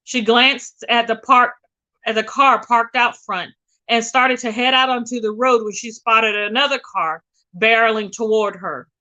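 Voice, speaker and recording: A woman reads a suspense novel aloud with dramatic, expressive delivery. Her voice is bright and tense and sits a little high for a woman. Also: measured pace, lo-fi sound. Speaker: reader.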